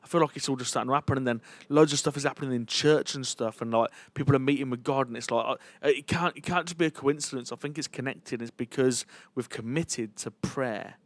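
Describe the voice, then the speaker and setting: A man's voice: medium pitch, a little fast, hardly any pauses. Earnest man telling a story. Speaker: church leader. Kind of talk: personal testimony talk.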